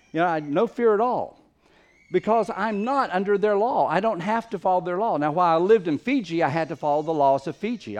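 A man preaching a sermon, stressing key words by repeating them and letting closing phrases fall soft and low.

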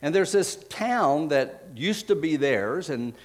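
A man preaching a sermon, retelling scripture stories in a casual, conversational way, pausing with fillers and correcting himself as he finds verses. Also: on the high side, lively intonation, in a large hall. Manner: frequent fillers and self-corrections while finding verses.

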